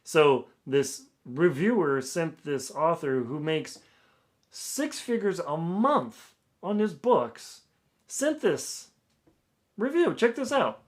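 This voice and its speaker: A man's voice: fairly high pitch, big pitch swings, slow. A man streaming live as he works, chatting casually, laughing, and thinking aloud. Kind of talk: casual live-stream chat while working.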